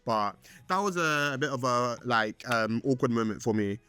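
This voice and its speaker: A young man hosting a casual podcast, rambling and excitable with lots of fillers and restarts. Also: normal speed, smooth, no room sound. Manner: excitable, with swoops up in pitch. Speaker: podcast host. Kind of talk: casual solo podcast chat.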